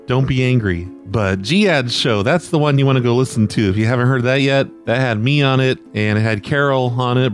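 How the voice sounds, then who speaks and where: A man hosting his own prank call show, talking loosely and with self-deprecation, often trailing off unsure. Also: on the low side. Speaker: podcast host and prank caller. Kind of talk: casual rambling monologue.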